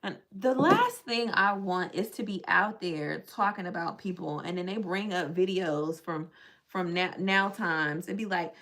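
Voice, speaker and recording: A woman's voice: on the low side, unhurried, a bit bright. A woman vlogger, chatting casually and joking while she does her hair, slipping into playful mock voices.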